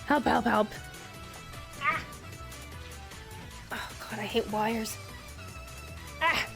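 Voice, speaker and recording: A woman's voice: fairly high pitch, drawn-out words, gravelly, a bit bright, faint music behind. A young woman streamer telling a story casually to her chat, rambling and giggly with many restarts.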